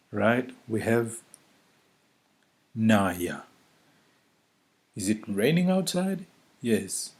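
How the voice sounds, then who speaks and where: A man teaching a vocabulary lesson, saying each word slowly and repeating it several times for the listener. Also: lowish voice, vocal fry, darkish tone. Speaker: language teacher. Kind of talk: slow spoken vocabulary lesson.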